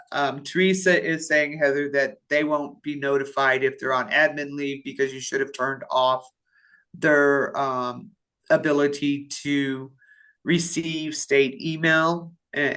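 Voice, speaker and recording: A woman's voice: a bass voice, steady tone, a little slow, fairly bright tone. A woman from payroll presenting in a staff webinar, reading out attendee questions and answering them with many fillers and restarts while she has the hiccups.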